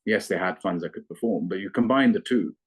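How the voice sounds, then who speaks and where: A man working as a fund manager, explaining investments in a measured, analytical way with frequent restarts. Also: low-pitched, husky. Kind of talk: investment interview.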